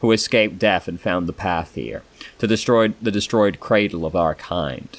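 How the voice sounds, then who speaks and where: Brief: man voicing a solemn female elf in a game let's play, measured and low-pitched. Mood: stern. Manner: solemn, measured reading with stumbles on names. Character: grave, sorrowful female elf of an ancient dying race. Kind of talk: reading game dialogue aloud.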